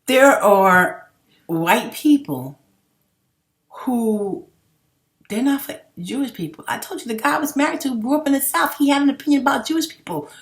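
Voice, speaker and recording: A woman's voice: high voice, expressive, normal speed. A middle-aged woman vlogging in a casual, rambling monologue, emphatic and full of swearing. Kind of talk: casual unscripted monologue to camera. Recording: roomy echo.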